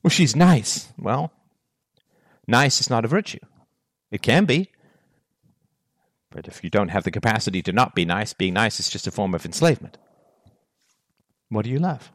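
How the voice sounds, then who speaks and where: A man delivering a solo monologue on virtue and relationships, firing off rhetorical questions with emphatic, animated delivery. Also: on the low side, normal speed, long pauses, dry recording, studio quality. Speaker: philosophy talk host.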